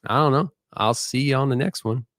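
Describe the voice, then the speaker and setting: A tired man hosting a late-night live show, talking in a halting, rambling, candid way. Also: medium pitch, fairly bright tone, no room sound. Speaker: podcast host.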